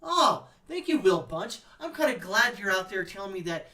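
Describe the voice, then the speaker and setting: A man's voice: sits high, very animated, moderate pace, sharp tone, recorded from a distance. A man hosting political commentary, ranting in a sarcastic, angry, mocking way as he reacts to posts.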